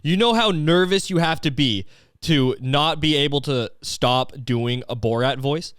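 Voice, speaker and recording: A man's voice: a little high, unhurried, a bit bright, clean tone, no echo, clean studio sound. A young man from Canada hosting a comedy podcast, talking in a profane, rambling, slang-heavy rant. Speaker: podcast host.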